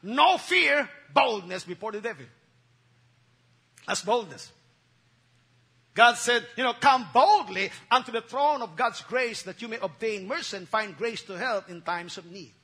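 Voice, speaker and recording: A man's voice: high-pitched, expressive, a little slow, sharp tone, slightly rough. A man preaching a sermon, repeating key phrases and calling on the congregation to respond. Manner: emphatic call-and-response preaching with repetition. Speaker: pastor.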